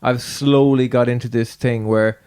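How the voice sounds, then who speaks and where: A man hosts a relaxed podcast conversation in an easygoing chat. He wanders through his thoughts and restarts sentences often. His voice sits at an ordinary middle pitch. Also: normal speed, clear, resonant tone. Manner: rambling, many fillers and restarts. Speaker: podcast host. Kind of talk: casual chat.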